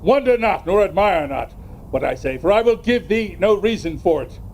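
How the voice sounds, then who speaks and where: A man's voice: high-pitched, expressive, moderate pace, a little mellow, lo-fi sound, slight background noise. A man playing a jovial, scheming knight in an outdoor stage play, laughing as he plots. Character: jovial drunken knight Sir Toby. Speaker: community theatre actor.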